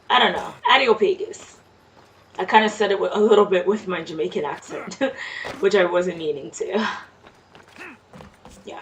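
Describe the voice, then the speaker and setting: A woman chatting casually to herself while playing a video game, muttering and reacting. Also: lowish voice. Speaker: let's play gamer. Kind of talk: casual gameplay commentary. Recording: distant mic with faint noise.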